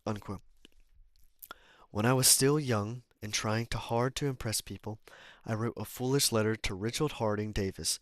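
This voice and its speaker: Man reading a book aloud, dry recording, mid pitch, trips on words and restarts, chatty asides. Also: no echo. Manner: stumbles, restarts and corrects himself while reading; casual asides and apologies between passages. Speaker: amateur reader.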